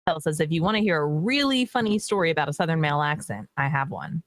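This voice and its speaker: A woman's voice: low-pitched, animated, fast, dry recording. A woman co-hosting a casual game stream, reading chat aloud with playful exasperation and laughter.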